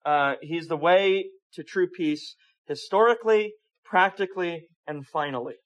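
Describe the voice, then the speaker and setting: A man's voice: a little high, a little slow. A man preaching a conversational sermon, asking rhetorical questions and often repeating words as he goes.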